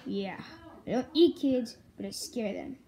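A young woman voicing a goofy male animatronic bear plush who brags about scaring kids and practises roars, in slow toy play-acting. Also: on the high side, mellow, voice pushed down. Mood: playful, boastful. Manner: boastful, clumsy, rehearses roars.

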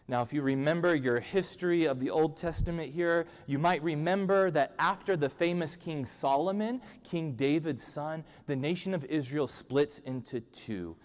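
Pastor preaching in a reverberant church. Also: male voice, on the high side, moderate pace, few pauses. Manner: humorous, conversational preaching. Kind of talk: sermon. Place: church sanctuary. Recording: long church-hall reverb.

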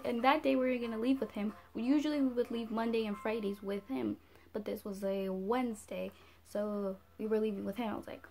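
Teen girl vlogger, bright higher voice, chatty storytime, lots of "like". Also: fairly quick, creaky, faint music behind. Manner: chatty, animated, heavy use of "like". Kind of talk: casual storytime.

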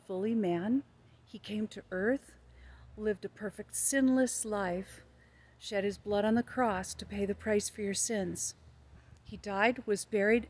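A woman's voice: medium pitch, a little mellow, slightly rough. An older American woman recording outdoors in the shade during a heat wave, earnestly sharing the gospel and stories of handing out tracts. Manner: earnest, storytelling with quoted dialogue. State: hot, red-cheeked in a heat wave. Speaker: evangelist vlogger. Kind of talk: casual testimony vlog.

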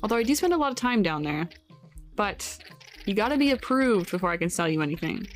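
A woman's voice: medium pitch, big pitch swings, fairly quick, faint music behind, close to an everyday voice. A woman voicing a sly male raccoon who deals in junk, reading his lines with cheeky hustler patter. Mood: boastful. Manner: cheeky dealer's patter, read aloud from game text.

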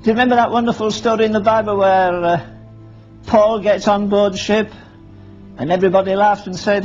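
A man's voice: sits high, steady tone, brisk. A man preaching a sermon, firing rhetorical questions at the congregation and acting out Bible scenes in dialogue. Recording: dull lo-fi sermon recording with faint music.

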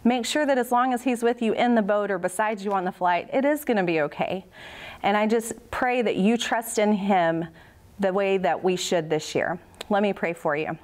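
A woman's voice: medium pitch, normal speed, darkish tone. A woman in her thirties giving a church devotion, telling a personal story in an earnest, conversational way and leading a prayer.

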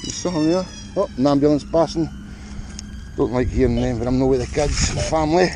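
A man's voice: a little high, huge pitch swings, fast talker, background noise. A Scottish man in a cold field, giving upbeat, chatty running commentary to his viewers as he digs for finds. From Scotland. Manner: chatty, upbeat, talks straight to the viewers while digging. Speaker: metal detecting vlogger.

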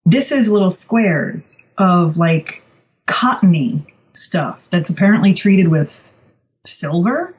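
A woman's voice: fairly low pitch, lively intonation, takes it slowly, darkish tone, rough recording. A woman co-hosting a podcast, telling stories in a chatty, wry, casual way. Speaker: podcast co-host. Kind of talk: casual chat.

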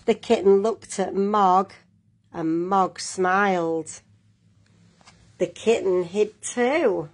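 A woman reading a children's picture book aloud at a slow, careful pace. Her voice is husky and breathy, gentle, and she turns now and then to the young listeners. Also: mid-range voice. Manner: gentle, with asides to young viewers. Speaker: storyteller.

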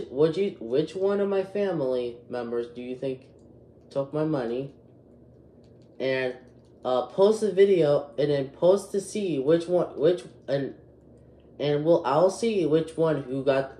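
A man's voice: a little high, dark tone, echoey room. A twelve-year-old boy hosting a casual vlog, agitated and rambling with many restarts. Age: 12 years old. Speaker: youtube channel host.

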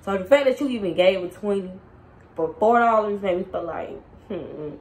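Animated young woman telling a storytime. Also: medium pitch, moderate pace, poor audio. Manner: animated, slangy, addresses viewers directly. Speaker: storytime vlogger. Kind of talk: casual storytime chat.

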